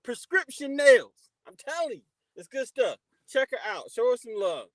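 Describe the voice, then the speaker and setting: High-voiced man hosting a casual livestream. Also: sing-song, normal speed, dry recording, low-quality recording. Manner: shouts out chat viewers warmly by name, preachy advice. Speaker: livestream host.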